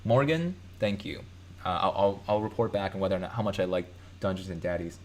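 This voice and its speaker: A man's voice: low-pitched, brisk, a little hiss or hum. A man from Chicago hosting a live stream, reading out viewer comments in a loose, rambling way with many fillers and self-corrections.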